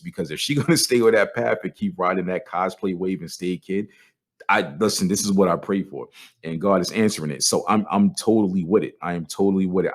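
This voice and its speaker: Deep-voiced man talking candidly. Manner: candid, profane, with frequent restarts. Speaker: podcast host. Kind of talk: casual monologue.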